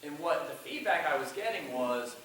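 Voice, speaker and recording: A man's voice: on the high side, animated, moderate pace, a bit bright, slight background noise. A man giving a college class on public speaking, who acts out lines from his own speech as he breaks it down. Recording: echoey classroom from far off.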